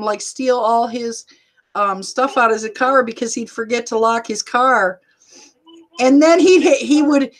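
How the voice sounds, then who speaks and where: A middle-aged woman hosting a casual livestream, loud and laughing often as she reads viewer comments. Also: high-pitched. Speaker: livestream host and rideshare driver.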